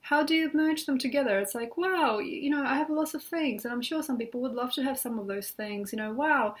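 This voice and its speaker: A woman's voice: high voice, a little fast. A woman astrologer talking casually and reflectively from her bed at home, rambling with many "like" and "you know" fillers. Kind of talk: casual spoken astrology talk.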